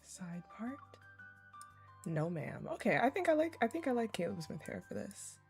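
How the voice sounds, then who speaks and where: A woman streaming a game playthrough, chatting excitedly and reading the game text aloud. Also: mid-range voice, normal speed, vocal fry, soft background music. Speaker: gaming streamer. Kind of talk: live game playthrough commentary.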